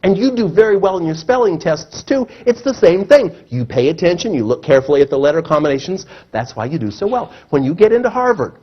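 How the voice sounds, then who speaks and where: Lively high-voiced man giving a seminar. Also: fast talker, few pauses. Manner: animated, acts out quoted voices. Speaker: motivational speaker. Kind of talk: seminar talk to a live audience. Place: seminar room. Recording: muffled low-fidelity recording.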